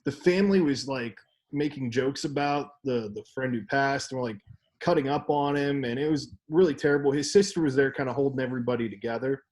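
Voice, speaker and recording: A man's voice: mid-range voice, a little fast. A young man co-hosting a casual podcast, telling a story with laughs and acted-out quotes. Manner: animated, laughing, acts out quoted voices. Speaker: podcast co-host.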